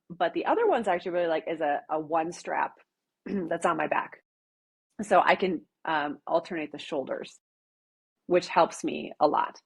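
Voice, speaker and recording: A middle-aged woman with a Wisconsin accent, chatting as a podcast guest, pausing often with fillers and restarting her sentences. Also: low-pitched, slightly rough. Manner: many fillers and restarts, thoughtful. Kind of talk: casual interview chat.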